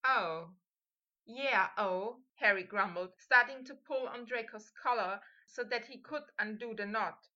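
Bright-voiced woman narrating a story. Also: a little high, moderate pace, few pauses, lo-fi sound. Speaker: audiobook reader. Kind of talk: fan fiction narration.

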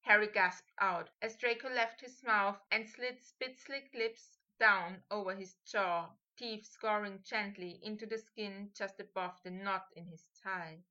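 A woman narrating a fan fiction audiobook with steady, intimate storytelling, on a slightly muffled recording. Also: mid-range voice, a little slow, hardly any pauses. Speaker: audiobook reader.

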